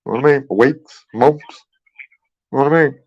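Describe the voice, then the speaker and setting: A man on a heated complaint call, pressing the same point again and again with a steady stream of "you know what I mean". His voice sits in an ordinary middle pitch and is captured close and dry, with no room sound around it. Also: brisk, no echo, lo-fi sound. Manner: insistent, repetitive, keeps saying "you know what I mean". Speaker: caller.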